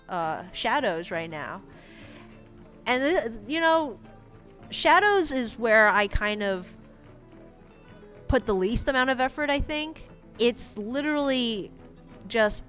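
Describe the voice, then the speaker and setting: A woman's voice: medium pitch, fairly bright tone. A woman streaming her comic art, chatting casually in a rambling, giggly way. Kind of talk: casual livestream commentary.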